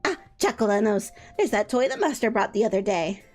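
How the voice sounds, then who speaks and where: A woman voicing a cheerful, eager young catgirl maid, reading game dialogue aloud in a bright, coaxing singsong. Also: mid-range voice, big pitch swings, a little fast, soft background music. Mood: chirpy.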